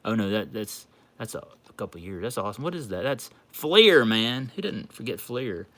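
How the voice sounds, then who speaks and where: Excitable man, bright voice. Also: on the low side, moderate pace. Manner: excitable, gushing, exclamatory. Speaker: card collecting livestream host. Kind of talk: casual livestream chat while opening a package.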